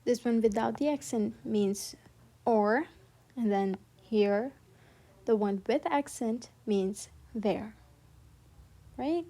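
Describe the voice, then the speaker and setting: A woman's voice: on the high side, takes it slowly, pauses often, warm tone. A woman teaching a beginner French lesson, explaining patiently and often checking in with the viewer. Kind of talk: online language lesson.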